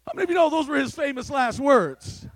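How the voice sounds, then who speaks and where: A man's voice: very high voice, animated, quick pace, no echo. An American man preaching a sermon, leading the congregation in call-and-response and often repeating words as he goes. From United States. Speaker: pastor.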